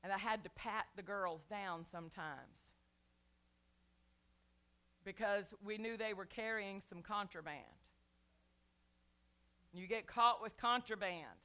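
A woman's voice: mid-range voice, takes it slowly, pauses often, pushed and bright. A woman pastor delivering a sermon, emphatic and repetitive, calling out to her congregation.

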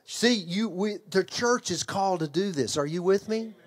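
Speaking at normal speed in a high-pitched voice, an older pastor and children's ministry trainer preaches a sermon. He's emphatic yet conversational, circling back to repeated phrases, restarting lines and asking the congregation questions.

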